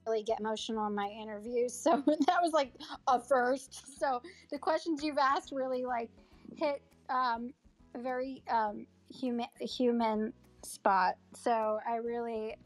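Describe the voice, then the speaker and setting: A woman's voice: fairly high pitch, fairly even intonation, measured pace. A woman actor being interviewed in a casual chat, earnest and heartfelt, rambling with fillers and restarts. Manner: heartfelt, moved close to tears. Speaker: actor and acting coach, interview guest. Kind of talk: casual interview over an audio chat app. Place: audio chat room.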